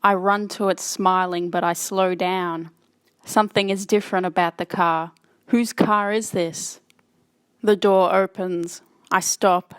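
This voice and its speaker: A woman narrating a horror audiobook in the first person, with a steady, plain reading manner. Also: fairly low pitch, unhurried, clear, resonant tone, no echo.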